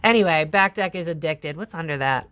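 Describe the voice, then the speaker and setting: Here a young female tarot reader and channel host talks loosely through a reading, cursing openly and putting on other people's voices. Her voice sits low and moves fairly quickly, with a clean, slightly bright tone.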